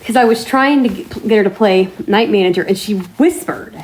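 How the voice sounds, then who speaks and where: A woman vlogger chatting casually to her viewers, telling stories in a chatty way with mild swearing and drawn-out exclamations. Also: medium pitch, darkish tone. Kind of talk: casual chat to camera.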